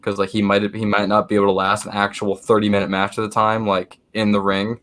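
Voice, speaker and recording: A man's voice: on the low side, completely flat delivery, brisk, a bit bright. A young man co-hosting a podcast, talking casually and hesitantly, often repeating himself. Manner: hesitant, lots of fillers and repeats. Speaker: podcast co-host. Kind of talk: casual chat.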